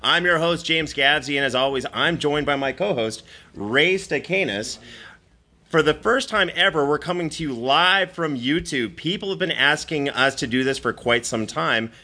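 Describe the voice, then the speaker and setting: A man's voice: fairly high pitch, moderate pace, bright, forceful tone. A man hosting a comedy show, rambling and flustered with many fillers. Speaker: host.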